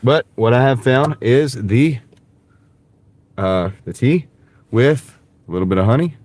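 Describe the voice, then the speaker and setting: A man's voice: mid-range voice, animated, a little slow, darkish tone, dry recording. Chatty man with a light Southern accent. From American South. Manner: rambling, chatty, reads and answers viewer comments. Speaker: delivery driver livestreamer. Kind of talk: casual livestream chat while driving. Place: in a car. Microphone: wireless clip-on mic.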